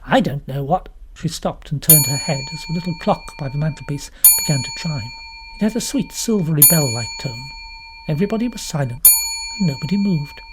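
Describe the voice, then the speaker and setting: A woman from London with a British accent, narrating an audiobook in an expressive, lively storytelling manner. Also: deep voice, brisk, heavy background noise. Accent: British English. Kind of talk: scripted narration.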